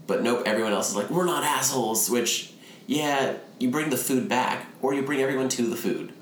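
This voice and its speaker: A man's voice: mid-range voice, fairly quick, slight background noise. A man casually recapping a movie, retelling scenes and mimicking the characters' lines. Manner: animated retelling, acts out quotes in a raised voice. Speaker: film podcast co-host. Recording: echoey room, faint ambience.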